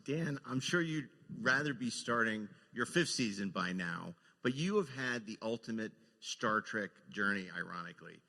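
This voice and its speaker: A man's voice: lowish voice, animated, moderate pace, creaky, hardly any pauses, sharp tone, long reverb tail. A man hosting a podcast who asks long, leading questions. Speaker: podcast host. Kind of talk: interview questions.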